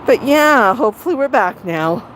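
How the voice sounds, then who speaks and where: Middle-aged woman host, high and very lively voice, unhurried, coaxing baby-talk to a pet bird, outdoors. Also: noisy background. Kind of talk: live-streamed walk vlog. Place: outdoors in a residential neighborhood.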